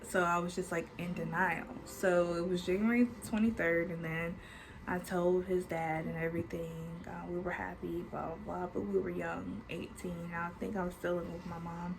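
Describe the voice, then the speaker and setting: With a fairly low, creaky voice, a level tone, and a moderate pace, a twenty-something woman tells a personal story as a storytime vlogger. She's chatty, swears freely, and uses "like" often as filler, with background noise in the recording.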